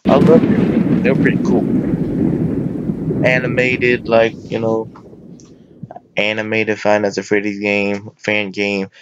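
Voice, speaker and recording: A man giving casual let's-play commentary on a horror game, excitable and prone to yelping and shouting at the screen. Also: fairly low pitch, slow pace, pauses often, highs cut off, background noise. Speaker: gameplay commentator.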